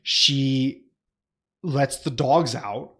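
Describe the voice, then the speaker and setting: A man's voice: medium pitch, extremely slow. A man co-hosting a podcast, telling stories in casual, profane chat. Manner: profane, animated storyteller. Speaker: podcast co-host.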